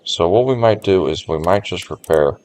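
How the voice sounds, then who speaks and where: A man's voice: sits low, lively intonation, moderate pace, darkish tone. A man streaming a strategy game, thinking aloud and chatting casually to his viewers as he plans each move. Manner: thinks aloud, musing to chat. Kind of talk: casual gameplay commentary. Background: faint game music.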